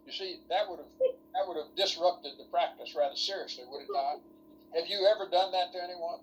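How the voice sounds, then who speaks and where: A man's voice: high-pitched, fairly quick, soft background music, low-quality recording. A man lecturing ministry students in an online workshop over a video call, folksy and rambling, full of rhetorical questions.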